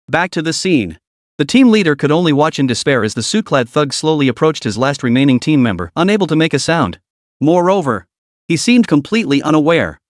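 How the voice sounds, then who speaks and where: A man narrating a web novel audiobook with lively, dramatic storytelling. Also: on the high side, dry recording, studio quality.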